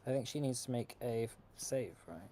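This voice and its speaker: Relaxed young man running a game. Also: mid-range voice, fairly quick. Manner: relaxed, hesitant, many filler sounds. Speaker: game master. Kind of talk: running a tabletop game online.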